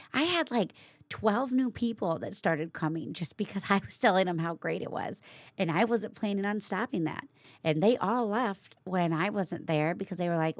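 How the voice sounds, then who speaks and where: Woman, low voice, vocal fry, candid casual storytelling, dry close sound. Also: no room sound. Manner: candid, animated, casual with fillers and laughs. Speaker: vlogger host. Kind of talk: personal storytelling monologue.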